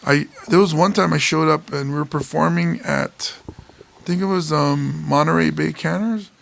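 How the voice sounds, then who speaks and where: Man from Hawaii, comedian guest, gravelly tone, relaxed storyteller, higher-pitched voice. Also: normal speed. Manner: laid-back storytelling, laughs often. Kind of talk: casual podcast chat.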